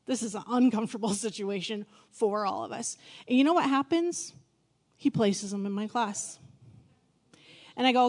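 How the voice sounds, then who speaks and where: Woman pastor, middle-aged, sermon, slightly high voice, candid, conversational, self-deprecating asides. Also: normal speed.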